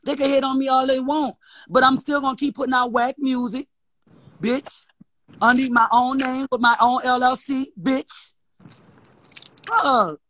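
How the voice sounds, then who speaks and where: New Orleans accent, high voice, profane mocking rant, live stream. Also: steady tone, measured pace, pauses often, pushed and bright, slight background noise. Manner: profane, defiant, mocking, repeats insults. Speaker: guest.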